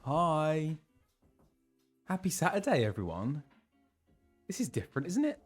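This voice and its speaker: A young British man chatting casually on a live stream and greeting viewers, his voice a little low as he recovers from laryngitis. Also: big pitch swings, unhurried, pauses often, a little mellow, faint music behind. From England. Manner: chatty, reads out viewers' messages with laughs and fillers. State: recovering from laryngitis, voice lower than usual.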